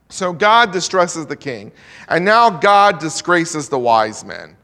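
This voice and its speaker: Guy preaching and reading bible verses, kinda high voice, long echo like a big church. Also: very animated, takes it slowly, sharp tone. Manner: earnest preaching, reads scripture in King James wording. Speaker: pastor. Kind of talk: sermon with scripture reading.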